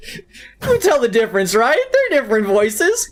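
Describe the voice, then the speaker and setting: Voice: high voice, huge pitch swings, normal speed. A VTuber streamer chatting casually during a game stream, rambling and poking fun at themselves. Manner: rambling, joking, self-mocking.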